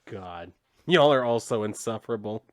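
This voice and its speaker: A man's voice: fairly low pitch, lively intonation, moderate pace, dry recording. A man recapping a comic book in a casual, sarcastic and profane way, rambling as he goes.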